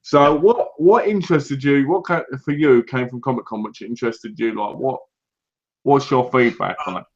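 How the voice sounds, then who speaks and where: A man's voice: medium pitch, moderate pace, darkish tone, muffled recording. A man co-hosting a casual livestream chat, rambling and laughing often. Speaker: co-host.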